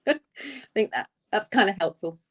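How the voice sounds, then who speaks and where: Speaking at normal speed in a mid-range voice, a middle-aged woman co-hosts an advice podcast and works as a nurse. She's a casual, animated storyteller who dramatizes the phrases she quotes.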